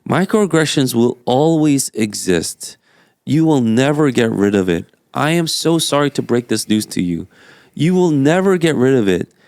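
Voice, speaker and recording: A man's voice: medium pitch, lively intonation, normal speed, creaky, a little mellow, smooth, no echo, studio quality. An American-born man co-hosting a podcast, talking in an emphatic, conversational way and telling stories to make his point. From United States. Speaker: podcast co-host. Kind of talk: casual opinionated discussion.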